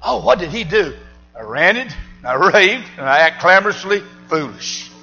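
An older man, preaching a fiery sermon in a church and shouting and whooping with exuberance. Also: high-pitched, very animated, normal speed, highs cut off, soft background music. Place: church service.

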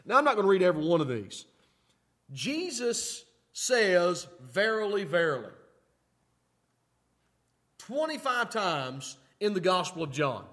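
A man preaching a sermon in a folksy way, often asking "okay?" and moving between loud emphatic lines and quiet asides. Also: high-pitched, big pitch swings, unhurried, pauses often. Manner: folksy, repeats "okay?" to check in with listeners. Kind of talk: sermon teaching.

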